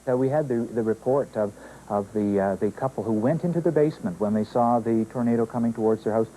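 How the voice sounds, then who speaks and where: A male weather forecaster explaining in an interview, speaking haltingly with many pauses and fillers. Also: medium pitch, mellow, a little hiss or hum, low-quality recording. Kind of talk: interview answers.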